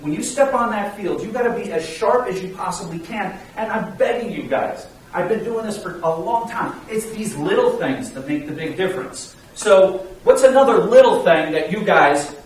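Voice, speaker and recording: A man coaching a sales team in an emphatic, energetic, pleading way. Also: high voice. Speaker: sales trainer. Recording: echoey room, mic far off, faint hiss.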